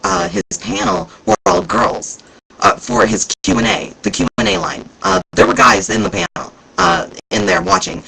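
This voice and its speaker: A man vlogging casually about a convention, rambling and excitable, with plenty of fillers. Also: sits high, moderate pace, creaky, slight background noise, low-quality recording. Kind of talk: casual chat recounting events.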